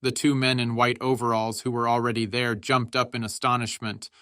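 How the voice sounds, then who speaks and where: Bright-voiced male audiobook narrator. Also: medium pitch, little pitch movement, a little fast, clear, resonant tone, dry recording, clean studio sound.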